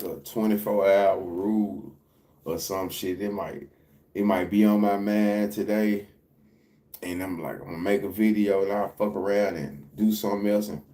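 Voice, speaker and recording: Male streamer, deep-ish and mellow, loose repetitive commentary. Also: gravelly. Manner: loose, repetitive, profane street talk. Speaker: livestream reaction host. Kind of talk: casual livestream commentary.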